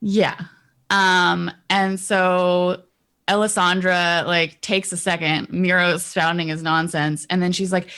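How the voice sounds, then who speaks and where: A woman's voice: fairly low pitch, flat delivery, slow pace, a bit bright, smooth. A woman player describing her character's actions in a tabletop game, rambling with many fillers.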